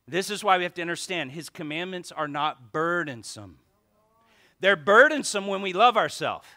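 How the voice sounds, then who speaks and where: A male pastor preaching a lively sermon, joking with the congregation and reading scripture aloud. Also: on the high side, normal speed, long pauses. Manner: animated preaching with asides and jokes to the congregation.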